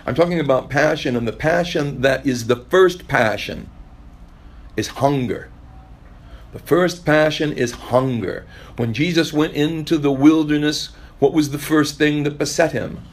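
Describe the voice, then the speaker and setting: A man's voice: on the high side, unhurried. A man preaching a sermon in a conversational way, now and then acting out the voices of the people he quotes. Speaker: pastor.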